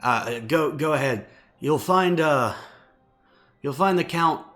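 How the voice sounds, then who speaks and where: A man's voice: a little high, expressive, takes it slowly, fairly bright tone, faint music behind. A man voicing a flustered male gate guard who stammers. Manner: stammering, unsure.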